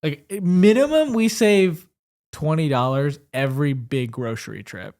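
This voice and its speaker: A man's voice: a little high, a little slow. A man co-hosting a podcast, chatting casually and speaking directly to the listeners. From American Midwest. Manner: relaxed, rambling, addresses listeners directly. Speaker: podcast co-host. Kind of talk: casual chat.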